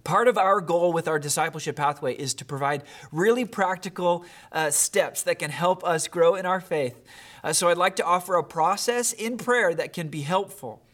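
Pastor, male, earnest sermon delivery with read-aloud story, a touch higher-pitched. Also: normal speed, fairly bright tone. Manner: earnest, with many fillers and restarts.

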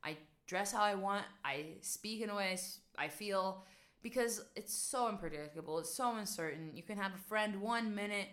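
A woman's voice: mid-range voice, moderate pace, a bit bright. A young woman from West Virginia, talking casually to camera as a vlogger and coach, emphatic and chatty with many rhetorical questions. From West Virginia, USA. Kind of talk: casual advice monologue.

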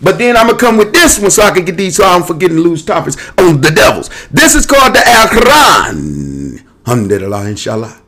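Racing along with few pauses, a male show host talks to camera in a slightly high, animated, and a bit bright voice. The monologue rambles and jumps restlessly between topics, delivered in streetwise, casual speech with cursing.

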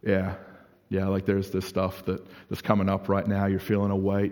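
A young adult man preaching a sermon in a casual, animated way, full of "like" fillers. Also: low-pitched, moderate pace. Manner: conversational, animated, frequent "like" fillers. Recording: reverberant hall.

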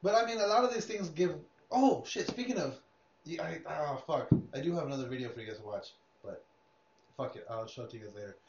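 Rambling, profane podcast host. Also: male voice, a little high, quick pace, a little mellow. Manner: profane, rambling, laughs often. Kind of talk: casual chat. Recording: echoey room, dull lo-fi sound.

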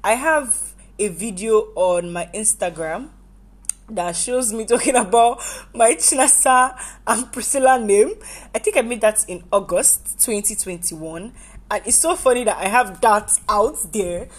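A woman's voice: mid-range voice, measured pace, husky. A woman from Nigeria, hosting a casual personal podcast monologue in a goofy, rambling way that keeps correcting itself. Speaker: podcast host.

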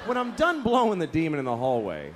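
A man does a stand-up comedy set on a comedy club stage, telling profane, exasperated stories and mimicking other people in mock voices while the audience laughs. His voice is fairly high and fairly bright, with wildly swooping pitch and a fast delivery. The live club recording picks up crowd laughter and slight background noise.

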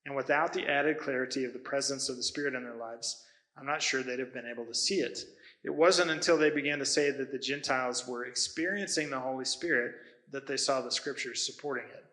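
Pastor, male, preaching. Bright, forward tone; conversational, stops and restarts mid-sentence. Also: medium pitch, a little fast, low-quality recording. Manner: conversational storytelling with self-corrections. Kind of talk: sermon.

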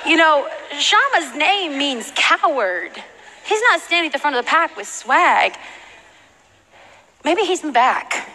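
A woman preaching a passionate sermon to a church audience, moving between hushed, intimate moments and shouted declarations. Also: on the high side, lively intonation, unhurried, some chatter behind. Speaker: guest preacher. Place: large church hall with audience. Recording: reverberant church hall, faint noise.

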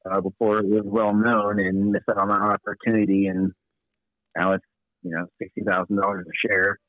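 A man's voice: on the low side, little pitch movement, moderate pace, no echo. A man calling into a podcast as a guest, laid-back and casually swearing, heard over a phone line. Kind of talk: casual chat. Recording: tinny phone-line call.

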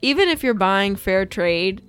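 A woman's voice: mid-range voice, expressive, a little slow, a bit bright, clean tone. A young woman co-hosting a casual podcast, giggly and self-deprecating, with faint music behind her. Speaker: podcast co-host.

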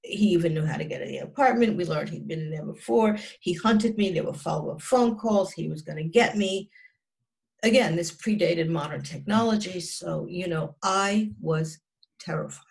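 A woman's voice: fairly low pitch, moderate pace, creaky, a little mellow. A woman in her sixties, a psychotherapist, telling a personal story as an interview guest in an earnest, emphatic way, often restarting and dropping her voice at grim moments.

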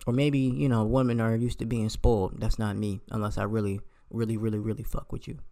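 A man's voice: fairly low pitch, level tone, fairly quick, warm tone. Profane ranting young man. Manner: heated, profane, rhetorical questions. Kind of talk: casual rant.

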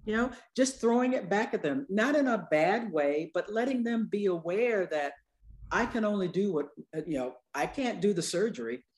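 Older woman doctor as a guest, humorous storyteller, slips into voices for quotes, mid-range pitch. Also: normal speed. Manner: lively, acts out quoted people with voice changes; humorous, conversational. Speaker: anesthesiologist and speaker, interview guest. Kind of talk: storytelling in an interview.

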